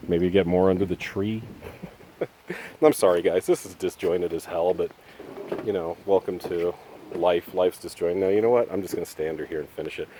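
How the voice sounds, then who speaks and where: A man in his fifties with a low, deep voice rambles and curses his way through a vlog. He holds his phone in his hand outdoors, and faint ambience hums behind him. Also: mellow, a little hiss or hum. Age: 50s. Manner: exasperated, profane, rambling. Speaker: vlogger. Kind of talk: casual vlog monologue. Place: outdoors in the rain, then under a roof and a tree. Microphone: handheld phone.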